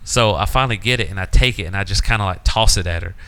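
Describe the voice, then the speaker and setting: A man's voice: fast, clean tone. A man co-hosting a casual, crude podcast, telling a story and swearing freely. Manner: animated storyteller, swears a lot, mimics voices in high squeaky pitch. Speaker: podcast co-host.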